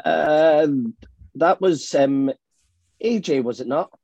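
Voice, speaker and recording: A man's voice: a little high, slow pace, vocal fry, darkish tone, no echo, dull audio. A man playing in a casual quiz with friends, trading joking, swearing banter. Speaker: quiz player. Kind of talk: casual game chat.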